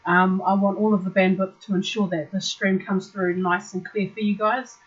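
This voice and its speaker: A woman's voice: mid-range voice, flat delivery, normal speed. New woman, live-stream co-host, giggly and chatty, dull lo-fi sound. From New Zealand. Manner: giggly, chatty, full of fillers. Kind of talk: live-stream casual chat.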